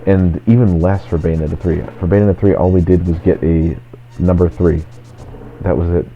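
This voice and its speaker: A man with a very low, deep voice talks through a game session in loose, rambling chat, leaning on "like" in nearly every phrase. The recording is dull and lo-fi, with faint game music underneath. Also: flat delivery, normal speed. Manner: rambling, constant "like" fillers. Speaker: let's play host. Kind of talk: casual gaming chat.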